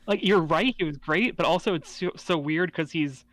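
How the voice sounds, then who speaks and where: A man's voice: fairly high pitch, moderate pace, a bit bright. A man co-hosting a podcast in casual chat, easygoing and agreeable, hedging with "I think". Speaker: podcast co-host.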